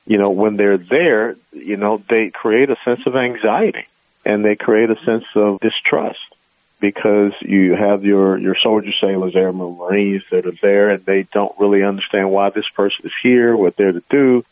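A man's voice: lowish voice, steady tone, normal speed, no echo, phone-quality sound. A man who is a guest on a radio talk show, arguing emphatically and often saying "you know". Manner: emphatic, argumentative, filler-heavy.

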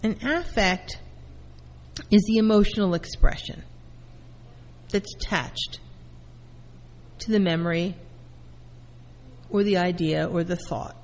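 A woman therapist giving a calm lecture, explaining terms through everyday first-person examples. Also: fairly low pitch, slow, long pauses, big-room sound, rough recording. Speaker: therapist teaching.

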